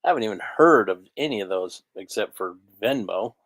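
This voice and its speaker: A man's voice: lowish voice, expressive, brisk, a bit bright. A man co-hosting a live online auction, chiming in with short remarks and repeating the bids. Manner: short interjections, repeats the bids and lot contents. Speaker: auction co-host. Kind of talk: casual chat on a live stream.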